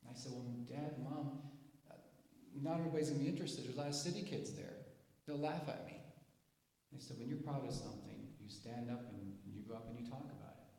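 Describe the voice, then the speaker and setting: A man who grew up on a dairy farm, speaking to an inventors' meeting in a folksy, animated storytelling way, acting out voices. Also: medium pitch, a little fast. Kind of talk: storytelling presentation. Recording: echoey hall, live stream.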